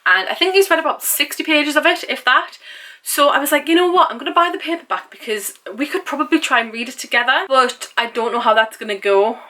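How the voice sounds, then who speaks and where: A woman's voice: a little high, sharp tone. A young woman chatting casually and enthusiastically through a book haul, laughing and adding asides. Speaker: booktuber.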